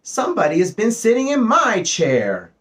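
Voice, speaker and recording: A man's voice: sits high, huge pitch swings, moderate pace, a bit bright, voice pushed up, heavily acted. Brief: man playing the middle bear, an ordinary voice lifted a touch. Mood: puzzled. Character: middle-sized male bear, plain and steady.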